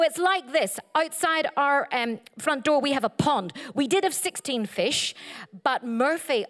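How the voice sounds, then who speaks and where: Animated woman preaching with playful stories. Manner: animated, playful, jumps into high silly voices for quoted lines. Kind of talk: sermon with humorous stories.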